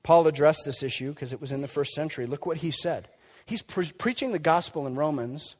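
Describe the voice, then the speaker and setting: A man preaching a sermon in an emphatic, conversational way, swinging between loud and quiet. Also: fairly high pitch, fairly quick, hardly any pauses. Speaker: pastor. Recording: long hall reverb.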